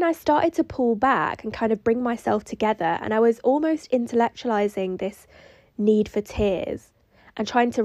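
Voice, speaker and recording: A woman's voice: a little high, darkish tone, no room sound. A woman hosting a solo podcast, telling a personal story in a reflective, rambling way that includes her own inner dialogue. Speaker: podcast host.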